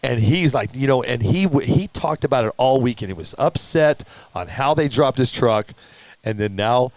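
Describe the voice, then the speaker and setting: A man hosting a live show, telling an animated story, laughing and acting out other people's lines. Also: moderate pace, no echo. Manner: laughing, acts out others' lines in high voices. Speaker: show host. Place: hobby shop studio.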